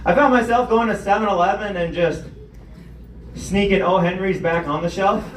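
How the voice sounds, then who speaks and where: A man's voice: high-pitched, moderate pace, reverberant, distant mic, slight background noise, rough recording. A young man hosting a comedy show and doing stand-up, telling self-deprecating stories with acted-out quotes. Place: comedy club stage.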